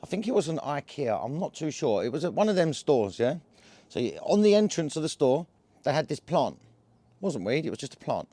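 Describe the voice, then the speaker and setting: A slangy man talks to camera in a loose, rambling vlog, his voice sitting a little high for a man. He strings thoughts together with fillers and quick "yeah?" checks. The close mic keeps the sound very dry. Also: big pitch swings, mellow, no room sound. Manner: slangy, chatty, full of fillers and tag questions. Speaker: cannabis vlogger. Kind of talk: casual rambling monologue to camera.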